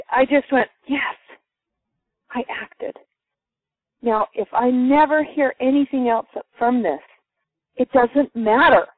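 A woman with a high voice tells a group a personal story, lively and acting out the voices of the people in it. The recording is dry, with a muffled phone-line sound.

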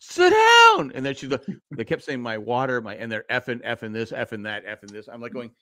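A man in his sixties, a podcast co-host telling a long story in casual chat, animated and acting out the voices of the people in it. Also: mid-range voice, fast, dry recording, studio quality. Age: 60s.

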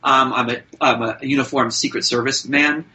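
Bright-voiced man telling a chatty story. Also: mid-range voice, steady tone, moderate pace, rough recording. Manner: chatty, with many fillers and restarts. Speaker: actor and podcast guest. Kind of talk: casual anecdote telling.

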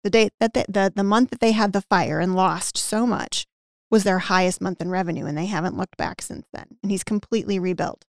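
A woman with a gravelly, creaky edge to her voice tells a story on a podcast in a relaxed conversational way. She acts out the other person's lines as she goes and fills her sentences with "like". The sound is close and dry, with almost no room echo. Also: medium pitch, fairly quick. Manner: animated anecdote-telling with acted-out quotes and frequent "like". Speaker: podcast guest who teaches business owners about hiring and team culture.

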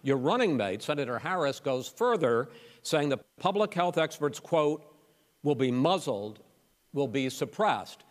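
Measured male debate moderator. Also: a little high, very animated. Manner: measured, persistent questioning. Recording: long reverb of a large hall.

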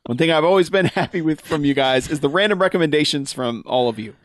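A man's voice: on the high side, expressive, quick pace, no room sound. Casual, laughing male podcast co-host. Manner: laughs often, swears casually. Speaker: podcast co-host reading listener emails. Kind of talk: casual chat.

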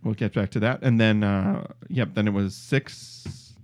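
A man's voice: fairly low pitch, measured pace, darkish tone. A man in his forties from Michigan, hosting a casual podcast chat, joking and laughing often. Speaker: podcast host.

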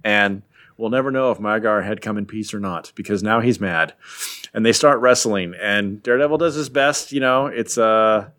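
A man's voice: lowish voice, moderate pace, fairly bright tone. A man casually recapping a comic story as a podcast host, in a rambling, jokey way with frequent filler words. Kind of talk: casual chat.

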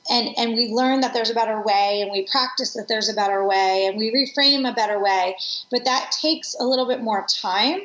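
A woman in her forties tells personal stories in an interview, sounding earnest and reflective. Her voice sits a little high. The room is echoey and the sound is dull and lo-fi. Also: moderate pace, a bit bright. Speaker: guest. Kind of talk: conversational interview.

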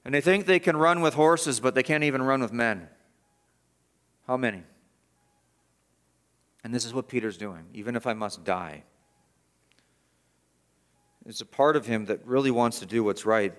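A middle-aged male pastor preaching verse by verse, swinging from loud emphatic peaks to low, quiet asides. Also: moderate pace, long pauses, clean tone. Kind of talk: expository sermon.

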